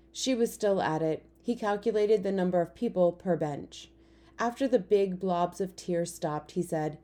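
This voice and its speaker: A woman narrating a children's novel in a calm, even storytelling manner. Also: on the low side. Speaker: audiobook narrator. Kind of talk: scripted narration.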